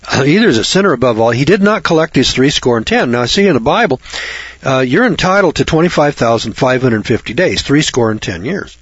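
Husky, blunt preaching man. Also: mid-range voice, animated, a little fast, no room sound. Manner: blunt, scornful and hectoring, with repeated restarts. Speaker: Bible teacher. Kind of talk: preaching Bible commentary. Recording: dull, lo-fi dry recording.

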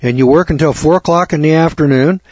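A man's voice: a little high, fast talker, a little mellow, breathy edge, no room sound, pitched above the performer's own voice. A man putting on a curt male boss who scolds and fires a worker, on a dull lo-fi recording. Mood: matter-of-fact. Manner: blunt, scolding.

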